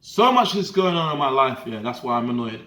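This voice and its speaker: A young man telling a story in an animated, slangy way, often checking that the listener follows him. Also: medium pitch, brisk, echoey room. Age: young adult. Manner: animated slangy storytelling, often asking the viewer "do you get what I'm trying to say". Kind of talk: casual storytime vlog.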